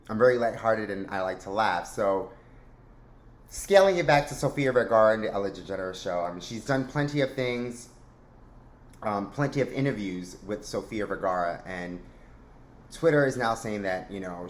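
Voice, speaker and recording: A man's voice: on the low side, moderate pace, a little hiss or hum. A man hosting a casual commentary vlog, rambling and chatty with a joking, lighthearted manner. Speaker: host. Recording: roomy echo.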